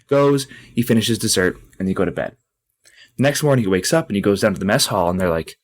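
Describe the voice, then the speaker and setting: A podcast co-host with a low voice, telling a long joke in a rambling, casual way. He leans on fillers as he goes. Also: animated, fast talker.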